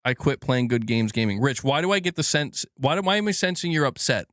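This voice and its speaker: A male streamer chats casually on a live stream, cracking jokes, cursing freely and laughing at his own lines. His pitch swings widely and animatedly. The sound is dry and close. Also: expressive, a little fast, a bit bright, no room sound. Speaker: gaming news streamer.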